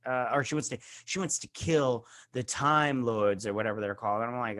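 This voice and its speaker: Casting: young man, casual snarky reviewer, mid-pitched, rambling delivery with lots of fillers. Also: moderate pace, a bit bright. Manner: rambling, snarky, full of fillers and mock-quoted voices. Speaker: show host reviewing an episode. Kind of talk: casual spoken recap and review.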